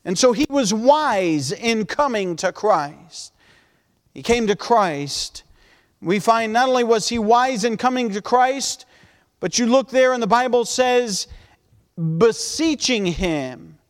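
A man preaching a sermon as pastor, fervent and pleading, at times dropping his voice to a soft, intense hush. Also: very high voice, expressive, slow pace, long reverb tail.

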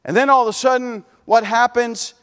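A man's voice: extremely high pitch, fairly even intonation, moderate pace, a bit bright, smooth. A middle-aged man preaching a sermon in a folksy way, often saying "man" and restarting his words. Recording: long hall reverb.

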